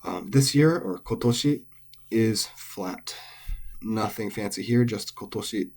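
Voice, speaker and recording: A man explaining Japanese pitch accent in a patient, methodical lesson, with frequent fillers. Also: a little slow, darkish tone. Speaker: language teacher.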